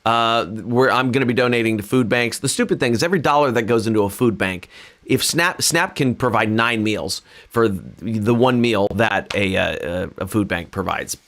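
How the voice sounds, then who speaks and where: A man's voice: on the low side, normal speed, fairly bright tone. A Californian man hosting a casual livestream from home, talking in an earnest, rambling way with many restarts. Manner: rambling, earnest, self-deprecating, with frequent restarts. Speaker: livestream host and musician. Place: home, playing guitar. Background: faint guitar.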